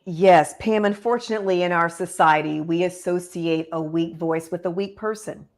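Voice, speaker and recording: A woman media coach and author, a guest on an interview show over a video call, explaining in a measured, authoritative tone. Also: lowish voice, fairly even intonation, darkish tone. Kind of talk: interview conversation.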